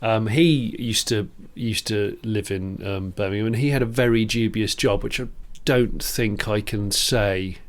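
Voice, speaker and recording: A man's voice: fairly low pitch, measured pace, hardly any pauses. A man co-hosting a podcast, telling rambling anecdotes in casual chat, full of restarts and laughs. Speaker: podcast co-host.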